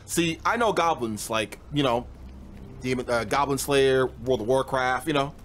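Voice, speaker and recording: A man's voice: medium pitch, moderate pace, a bit bright, slight background noise. A young man doing casual gaming commentary, jumpy and slangy, yelping and laughing at scares as he plays. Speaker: gaming streamer. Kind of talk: casual let's-play commentary. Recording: game music playing behind.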